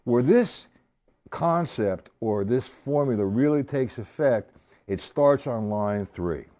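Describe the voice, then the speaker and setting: A man's voice: mid-range voice, lively intonation, takes it slowly, warm tone. Male drum teacher, live stream, counts beats and names stickings step by step, drums playing in the background. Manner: counts and calls sticking aloud, explaining step by step. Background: drum kit playing.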